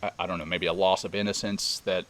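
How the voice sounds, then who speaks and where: A man's voice: low-pitched, little pitch movement, fast, a bit bright. A man co-hosting a podcast, sharing a personal experience in earnest, emotional conversation. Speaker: podcast co-host. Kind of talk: reflective casual conversation. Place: retreat center in Costa Rica.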